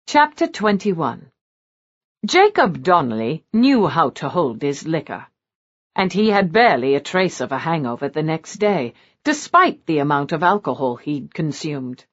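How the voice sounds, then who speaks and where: A woman narrating an audiobook in an expressive storytelling manner. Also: low-pitched, unhurried, highs cut off. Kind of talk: scripted narration.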